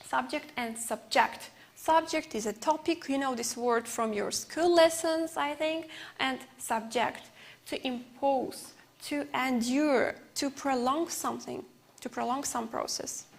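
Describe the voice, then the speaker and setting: A woman with an Uzbek accent teaches English for a television class. Her voice sits high, and she works through each word at an unhurried, measured pace, explaining it patiently. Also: gravelly. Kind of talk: TV English lesson.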